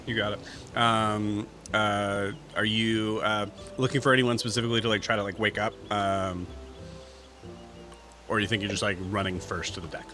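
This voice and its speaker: Male game master, bright edge to the voice, rambling narration full of ums. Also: lowish voice, little pitch movement, soft background music. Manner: halting, many fillers and restarts.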